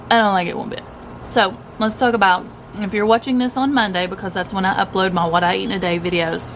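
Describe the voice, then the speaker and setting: Speaking directly to her viewers, this upbeat woman, a keto vlogger, talks casually on camera about her food and how her day went. Her voice is medium in pitch, the setting is her home with some time outdoors, and a faint hiss or hum sits under the audio.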